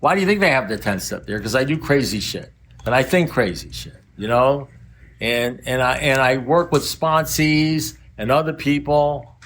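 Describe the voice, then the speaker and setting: A man's voice: mid-range voice, moderate pace, fairly bright tone. An older man speaking at a recovery meeting, telling rambling stories in a wry, blunt manner.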